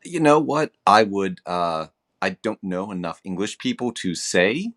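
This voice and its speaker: Deep-voiced man giving brief replies. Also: sing-song, a little slow, a bit bright. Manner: brief, agreeable replies with hesitations. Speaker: podcast co-host. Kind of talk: casual chat.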